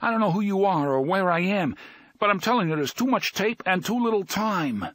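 A man's voice: high voice, animated, a little fast, fairly bright tone, no room sound, voice pushed up. A man voicing a desperate young man stuck in tape, speaking urgently in a storybook reading. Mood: panicked.

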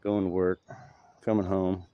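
A man's voice: deep voice, level tone, a little slow, clean tone, dry recording, muffled recording. A middle-aged man, giving a casual, rambling, profane update to the camera. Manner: profane, rambling, talks in short bursts. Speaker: vlogger.

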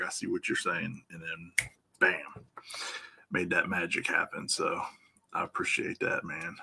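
A middle-aged man with a Midwestern American accent chats loosely on a live stream, greeting viewers one by one. His low voice has a gravelly fry and a bright, forceful edge. He swears casually and breaks into laughter often. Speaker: livestream host and EFI tuner.

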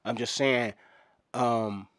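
A man's voice: mid-range voice, fairly even intonation, slow pace, a bit bright, no echo. A middle-aged man rambles through a mock press conference, wandering from one aside to the next and leaning on "you know what I'm saying." His voice sits in an ordinary middle range. The sound is dry and close, with no room around it. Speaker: comedian doing a mock fan press conference. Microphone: microphones in front of him at a podium.

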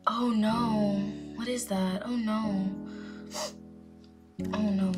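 A woman's voice: mid-range voice, fairly even intonation, very slow. A young adult woman who hosts a music reaction channel, chatting casually in a rambling, gushing way with lots of fillers.

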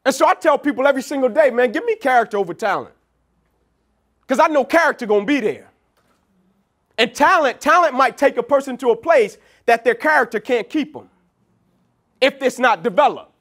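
Guy with a really high voice giving a keynote, animated storyteller, from atlanta. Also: fairly quick. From Atlanta, USA. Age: young adult. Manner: storytelling, animated, quoting people in dialogue. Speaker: keynote speaker. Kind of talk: motivational speech. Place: large event venue.

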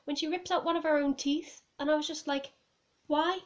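A woman vlogs casually to camera at home, reviewing a film in a rambling, giggly way with lots of "like" and "I was just like." Her voice is high-pitched, fast and fairly even in intonation. The mic is a phone or camera resting on a table.

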